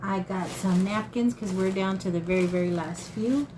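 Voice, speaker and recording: A woman's voice: mid-range voice, normal speed. Fifty-something woman, casual talkative haul vlogger, folksy, faint noise behind. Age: 50s. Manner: chatty, folksy, addresses viewers as y'all. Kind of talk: casual haul chat to camera.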